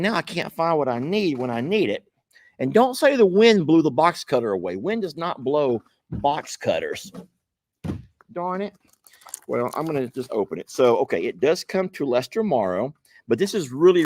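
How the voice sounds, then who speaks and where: Folksy man with a lively voice. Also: on the high side. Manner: folksy, chatty, talks straight to viewers. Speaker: vlog host. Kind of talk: casual vlog chat while opening gifts.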